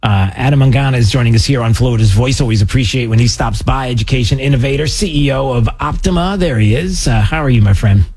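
A man's voice: medium pitch, fast talker, hardly any pauses, a little mellow, husky. A man hosting a talk radio show, chatting casually and rambling with a joking, self-deprecating manner.

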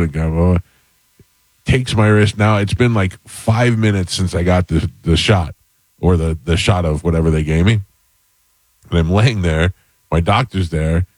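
A man with a very low voice tells a rambling personal story to his co-hosts, casual and self-deprecating. The sound is dry and close, with no room around it. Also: normal speed, no room sound. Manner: rambling, animated anecdote with self-deprecating humor. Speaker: podcast host.

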